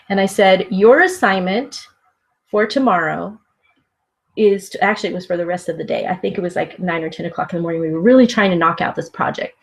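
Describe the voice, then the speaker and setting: A woman who homeschools her children, giving a conversational teaching talk full of anecdotes and small chuckles. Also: mid-range voice. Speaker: homeschooling parent and speaker.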